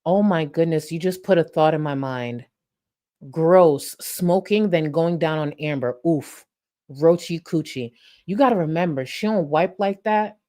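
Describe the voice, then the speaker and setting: A woman with a notably low, dark-toned voice hosts a live reaction stream at an unhurried pace. She comments on clips bluntly and mockingly, tossing in crude jokes and lots of profanity.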